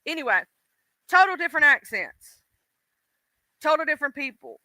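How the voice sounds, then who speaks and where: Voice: high voice, very animated, normal speed, sharp tone, no echo. A livestream host ranting bluntly and profanely, speaking straight to the audience. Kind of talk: casual livestream rant.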